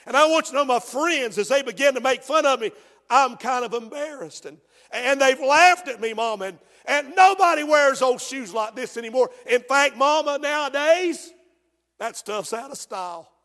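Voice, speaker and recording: A man's voice: extremely high pitch, animated, normal speed, fairly bright tone, big-room sound, full character voice. A man voicing a teenage boy who sheepishly pleads with his mother, in a sermon. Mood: pleading.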